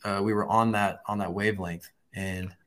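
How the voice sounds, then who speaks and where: Fairly low-voiced enthusiastic podcast host. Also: male voice, fairly even intonation, normal speed, fairly bright tone. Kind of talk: casual podcast conversation.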